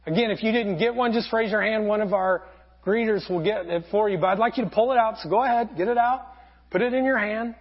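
A man preaching a sermon as pastor, telling a parable earnestly with frequent pauses. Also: sits high. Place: church sanctuary. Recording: dull lo-fi sound.

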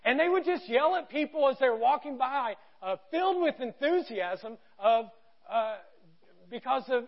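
A man in his thirties preaching a sermon, telling a story with animated quoted voices. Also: extremely high pitch. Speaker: pastor. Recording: dull lo-fi sound.

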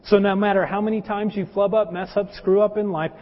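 A man with a notably high voice preaches to his church in an easygoing, folksy way, talking to the congregation as folks and using homely stories. The recording is dull and lo-fi, with a long reverb trailing through the sanctuary. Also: steady tone, a little fast. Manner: folksy, addresses listeners as folks; personal anecdotes and humor. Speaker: pastor. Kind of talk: conversational sermon.

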